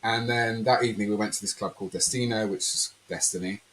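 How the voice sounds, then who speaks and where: A man on the low side of the pitch range talks fast as a podcast guest, recounting a personal story in a conversational interview. He rambles and animatedly acts out quotes, and the low-quality recording has a little hiss or hum.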